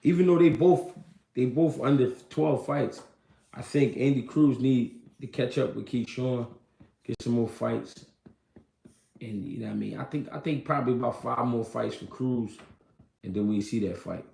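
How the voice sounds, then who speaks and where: Livestream host, male, gravelly and laid-back, slangy chatter, echoey room. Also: mid-range voice, normal speed, warm tone. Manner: loose, slangy, reads and answers viewer comments. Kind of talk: casual livestream chat about boxing.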